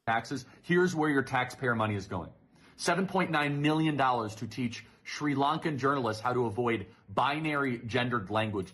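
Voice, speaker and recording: A man delivering political commentary, reading out a list in a steady, punchy way. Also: medium pitch, normal speed, husky.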